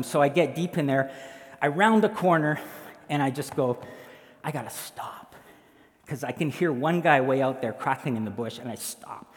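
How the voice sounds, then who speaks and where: A man's voice: on the high side, long reverb tail. A man, a pastor, telling a story in a sermon and acting out the voices of the people in it.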